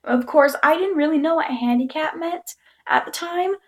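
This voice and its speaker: This vlogger's voice sits high and moves at normal speed as she recounts a story in a relaxed, chatty tone. Giggles break in often, and she quotes people by acting out their words.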